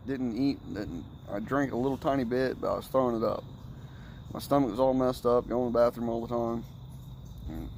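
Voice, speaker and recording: Over a rough recording with a bit of background noise, a man with a mid-range voice rambles casually through family stories. He's animated and profane, swearing liberally and imitating the voices of the people involved.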